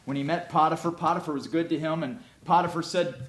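A man preaching a sermon as a pastor, telling a story in an animated, conversational way. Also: fairly high pitch, a little fast, slightly rough. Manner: animated, conversational, often restarts.

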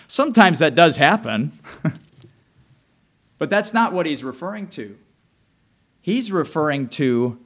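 Man preaching a fervent sermon. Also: fairly high pitch. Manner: swings from loud preaching to hushed, intimate asides. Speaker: pastor.

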